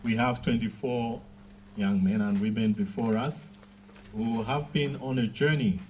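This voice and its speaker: A man giving a formal graduation speech, measured and pausing often with fillers. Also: mid-range voice, steady tone, a little mellow, a little hiss or hum. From Southern Africa.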